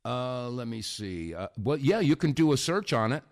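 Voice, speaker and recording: A middle-aged man hosting a call-in radio show, relaxed and unhurried, trailing off as he searches for things. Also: medium pitch. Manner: unhurried, trails off while searching his computer. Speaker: radio talk show host.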